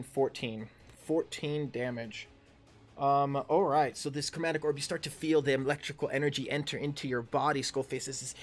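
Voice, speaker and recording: A man in his thirties running a tabletop game as dungeon master, talking in a halting way with many fillers and restarts. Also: mid-range voice, fairly bright tone. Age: 30s. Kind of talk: narrating a tabletop game livestream.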